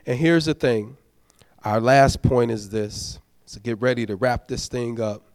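A man's voice: medium pitch, measured pace, a little mellow, dry recording, studio quality. A man, a deacon, preaching a sermon, urging the congregation in a conversational, folksy way and prodding them for amens. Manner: exhorting, prods the congregation for amens.

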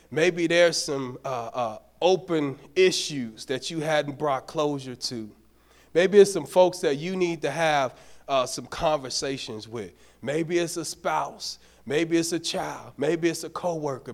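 High-voiced man preaching an animated sermon. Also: unhurried. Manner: animated, folksy, talks straight to the congregation. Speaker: deacon preaching. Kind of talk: storytelling sermon. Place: church sanctuary.

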